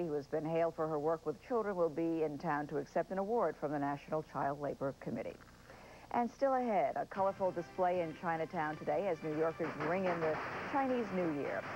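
A woman anchoring a local TV newscast, reading stories in a smooth, measured way. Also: deep voice. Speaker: news anchor. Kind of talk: TV news reading. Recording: hissy, dull old TV broadcast.

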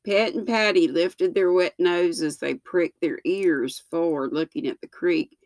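A woman in her sixties reading a children's book aloud, slow and gentle, with small slips that she corrects. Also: fairly low pitch, dry recording. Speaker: storyteller.

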